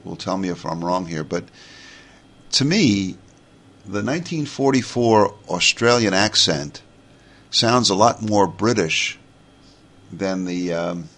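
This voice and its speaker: A low-voiced man in his forties talks with a New York accent as he hosts a casual podcast monologue. His tone is bright and forceful. He rambles in a chatty way, circling back with restarts and fillers. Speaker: podcast host.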